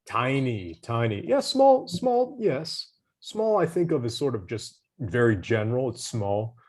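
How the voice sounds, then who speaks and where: A man's voice: medium pitch, big pitch swings, unhurried, a little mellow. A man tutoring English vocabulary over a video call, patient and encouraging, giving hints and praise. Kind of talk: online vocabulary lesson.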